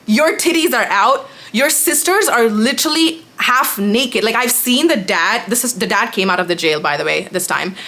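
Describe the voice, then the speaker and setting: A young woman vlogger telling a storytime rant, animated and sarcastic, with lots of fillers. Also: a little high. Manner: animated, exasperated, sarcastic, talks fast with lots of 'like'.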